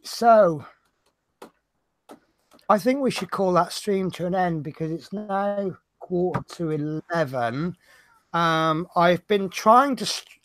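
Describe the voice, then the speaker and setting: A man's voice: fairly high pitch, a bit bright, no echo. A man with a Norfolk accent hosting a livestream, chatting casually and rambling with self-mocking humor. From Norfolk, England. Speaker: livestream host.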